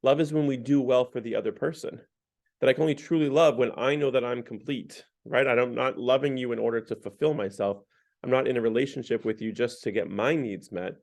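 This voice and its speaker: A man's voice: mid-range voice, fairly quick, vocal fry, darkish tone. Man casually leading a parish book talk. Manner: loose and conversational, heavy on "like" and restarts; retells a story, then draws faith lessons from it. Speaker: parish Lent discussion leader. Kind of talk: casual spoken book discussion.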